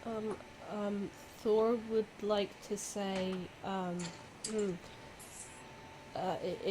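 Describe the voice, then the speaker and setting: A woman playing a tabletop game, chatting casually, excitable and swearing freely. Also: mid-range voice, drawn-out words. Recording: noisy home stream audio.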